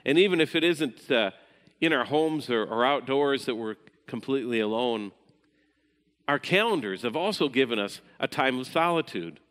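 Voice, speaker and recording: Measured pastor in a reverberant hall. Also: male voice, medium pitch, expressive. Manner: measured, dropping to a hushed voice at times. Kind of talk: sermon.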